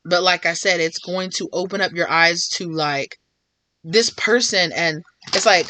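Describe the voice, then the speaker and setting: Woman tarot reader, chatty and rambling, bright tone, slips into little acted-out dialogues. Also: lowish voice, unhurried, a little hiss or hum. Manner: rambling, filler-heavy, acts out imagined dialogue. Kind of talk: casual tarot reading to viewers.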